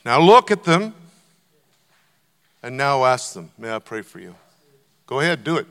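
A man's voice: mid-range voice, very animated, measured pace, fairly bright tone. An older man preaching a sermon to a congregation, conversational and emphatic, urging them on. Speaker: guest preacher. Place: church auditorium. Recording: long church hall reverb.

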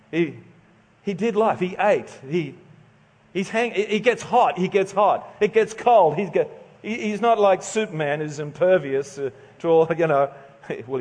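A man's voice: on the high side, a little mellow, in a large hall. A middle-aged Australian man preaching a sermon in a casual, joking, conversational way, stumbling over his words now and then. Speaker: pastor.

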